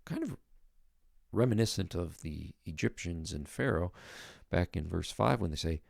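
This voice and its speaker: A man's voice: low voice, expressive, moderate pace, creaky, no room sound, clean studio sound. A man giving a casual, conversational Bible lesson as a podcast host, thinking aloud and leaning on key words for emphasis. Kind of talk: casual spoken Bible teaching.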